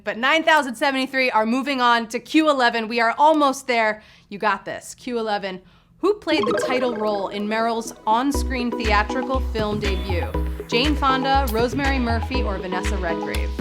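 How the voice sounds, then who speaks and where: A woman's voice: a little high, a bit bright. A woman hosting a live trivia game show, reading questions with playful, teasing, chatty asides.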